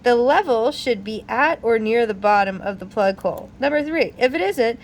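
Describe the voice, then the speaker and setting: A woman vlogger casually explaining car repair while reading a manual aloud, chatty and animated with frequent laughs and exasperated asides. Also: a little high, normal speed, a little hiss or hum.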